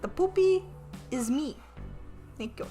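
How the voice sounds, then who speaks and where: A woman reads aloud the narration of a tabletop-style game on stream with an AI game master, laughing, swearing often, and asking how words are pronounced. She speaks slowly in a high, warm voice with lively intonation, soft music playing underneath.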